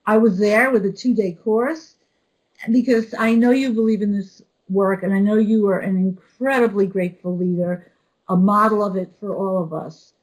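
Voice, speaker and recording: A woman hosting a webinar, telling a story in an animated way and quoting the people in it. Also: mid-range voice, moderate pace, low-quality recording. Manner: animated storyteller, quotes others. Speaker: webinar host. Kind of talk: storytelling introduction.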